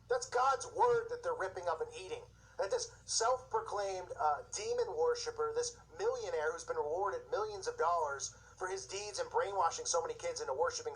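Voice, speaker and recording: A man's voice: high voice, rough recording. A man hosting his own show, delivering an agitated, indignant religious commentary rant with mocking asides. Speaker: show host.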